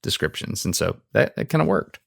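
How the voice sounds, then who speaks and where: A man with a Southern US accent, chatting casually as a podcast co-host. His voice sits fairly low, and he talks in an earnest, self-deprecating way with easy laughs. The sound is dry and close. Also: very animated, fairly quick, vocal fry, no room sound. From Alabama, US. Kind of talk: casual conversation.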